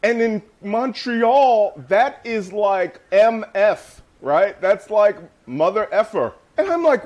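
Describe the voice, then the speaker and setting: A man guest in a casual interview, telling lively stories and laughing often. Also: sits high, takes it slowly, few pauses. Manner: animated storyteller, laughs often.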